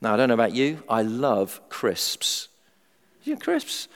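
Animated male preacher in a reverberant hall. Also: medium pitch, a little slow. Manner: animated, humorous, acts out everyday voices. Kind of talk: sermon.

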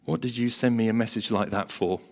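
A man's voice: mid-range voice, lively intonation, measured pace, lightly acted. A man putting on a ranting, self-righteous old farm woman. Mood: low fury. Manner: ranting, fierce and aggrieved. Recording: long hall reverb.

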